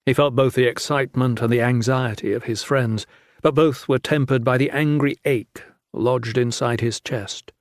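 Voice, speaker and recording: A man narrates a fantasy novel in a steady, measured manner. His voice sits in an ordinary middle range. The recording is close and very dry, with no room sound. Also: medium pitch, dry recording. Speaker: audiobook narrator. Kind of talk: scripted audiobook narration.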